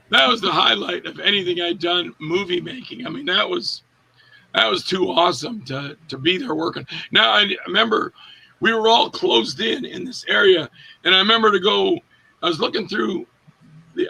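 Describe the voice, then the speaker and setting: A man being interviewed as an actor, telling lively anecdotes and acting out the voices of the people in them, with a raspy voice. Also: sits high, normal speed, poor audio. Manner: animated anecdote-telling, acts out quoted voices, laughs often. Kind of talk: casual storytelling interview.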